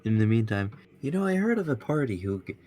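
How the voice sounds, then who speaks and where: A man's voice: mid-range voice, big pitch swings, quick pace, darkish tone. A man playing a tabletop game, talking in character in a playful, joking way. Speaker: player. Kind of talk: casual in-character play.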